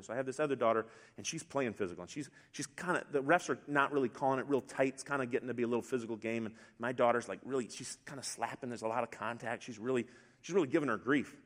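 A middle-aged man preaching a sermon to a congregation, storytelling in a relaxed, conversational way with asides. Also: medium pitch, racing. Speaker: pastor. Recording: long hall reverb.

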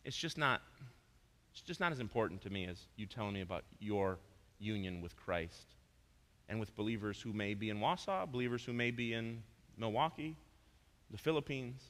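A man preaching a sermon as pastor, swinging between loud emphatic points and soft asides. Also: on the low side, expressive, normal speed. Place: church sanctuary. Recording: long reverb of a church hall.

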